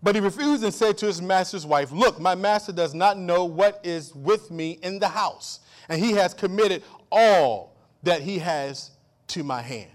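A male pastor preaching a sermon, calling out for amens and swinging from loud outbursts to low hushed asides. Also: unhurried. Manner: repeats and restarts phrases, calls for amen.

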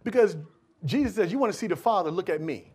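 A man preaching a sermon as pastor, building to loud, pleading calls and then dropping to quiet asides to the congregation. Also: high-pitched, animated, fast talker, slightly rough. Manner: preaching with rising shouted appeals and sudden drops to quiet asides.

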